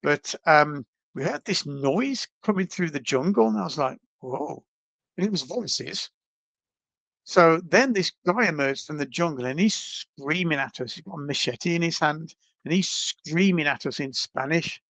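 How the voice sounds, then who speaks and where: A man, a podcast guest, telling travel stories in a casual, animated, self-deprecating way over a video call. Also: fairly high pitch, moderate pace, creaky, dry recording. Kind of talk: casual storytelling.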